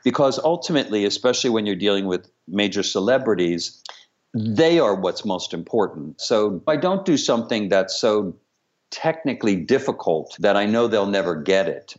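Low-voiced man on a lo-fi call. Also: expressive, moderate pace. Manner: candid, humorous, reflective. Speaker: director and choreographer guest. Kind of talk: remote interview, candid storytelling. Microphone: video call. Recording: dull lo-fi call audio.

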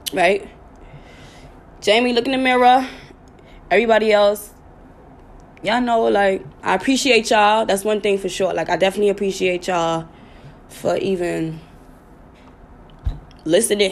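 A woman hosting her own podcast, talking casually and bluntly to her listeners, with plenty of swearing. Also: medium pitch. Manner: blunt, profane, chatty, with sudden laughing outbursts. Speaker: podcast host. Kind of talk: casual live talk to listeners.

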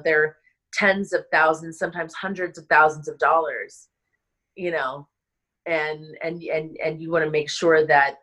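A woman wedding planner, middle-aged, telling a personal story in a casual interview, emotional and halting, with many restarts and fillers. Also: fairly low pitch, a bit bright, poor audio.

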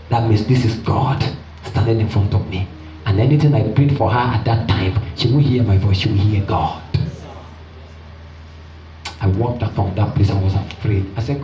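A man preaching a storytelling sermon, acting out voices and leaping high when he plays excited women. He is recorded from afar in a roomy church hall, so the sound is dull and echoing, with a faint hum of ambience behind him. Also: normal speed, distant mic. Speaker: pastor.

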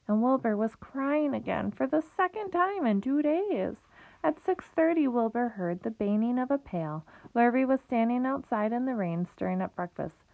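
Casting: woman reading a storybook aloud, lively, some restarts, higher voice, phone-like, dry sound. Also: normal speed, vocal fry, no echo. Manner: lively, with small slips and restarts. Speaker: reader. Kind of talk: reading a children's book aloud. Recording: tinny phone-like recording.

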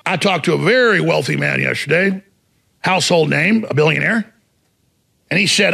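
A fiery male talk show host in a heated, mocking rant, often bursting into shouts. His voice is raspy and gravelly, with a bright, sharp edge. His pitch sits high and swoops widely as he talks. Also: sing-song, moderate pace, long pauses. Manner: combative, mocking, shouts for emphasis.

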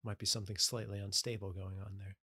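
A man co-hosting a podcast, teasing and asking questions in relaxed casual chat. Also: fairly low pitch, fast talker, slightly rough, no room sound. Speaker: podcast co-host.

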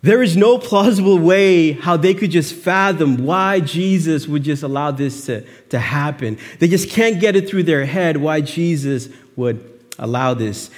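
A man's voice: a little high, expressive, a little slow, long reverb tail. A man preaching a sermon in a conversational way, asking rhetorical questions and acting out heartfelt pleas to God. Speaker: pastor.

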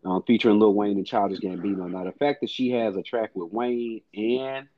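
A man's voice: on the low side, steady tone, a little fast, no echo, highs cut off. A man co-hosting a casual music podcast, blunt, profane and emphatic. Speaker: podcast co-host.

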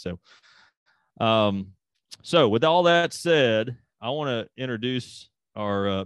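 A man from Mississippi hosts a podcast in a relaxed, chatty way, with plenty of fillers. His voice sits on the low side and is recorded dry and close. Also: dry recording. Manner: laid-back, laughs often, many fillers. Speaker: podcast host. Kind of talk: casual podcast chat.

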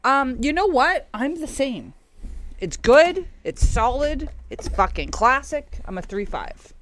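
A woman in a casual podcast chat, animated and quick to laugh. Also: high-pitched, slight background noise.

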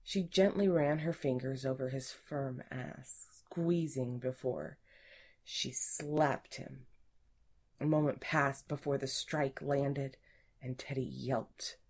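A woman with a low voice narrates an erotic audiobook at an unhurried pace. Her delivery is breathy and intimate, and it often sinks to a whisper. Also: a little mellow.

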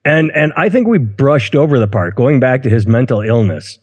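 A man's voice: medium pitch, animated, moderate pace, slightly rough. A man co-hosting a casual podcast chat, rambling and outspoken, often restarting his words. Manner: rambling, self-interrupting, outspoken. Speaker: podcast co-host. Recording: long room reverb.

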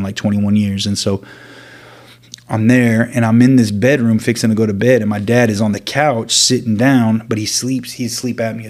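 A man earnestly telling his own story as an interview guest, halting and restarting often. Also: on the low side, a little mellow. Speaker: guest sharing his testimony. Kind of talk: personal storytelling.

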